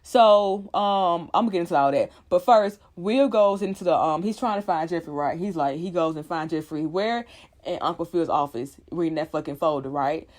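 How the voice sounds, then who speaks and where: A woman's voice: lowish voice, normal speed, a little mellow. A woman vlogger giving a casual, profanity-laced recap of a TV episode, talking animatedly with lots of fillers.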